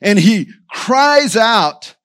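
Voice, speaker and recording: A pastor preaches to his church, and his voice sits high for a man. He drives his points home with repetition, turning again and again to the people in front of him. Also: very animated, drawn-out words, a bit bright. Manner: preaching with emphatic repetition, addressing the church directly. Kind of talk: sermon.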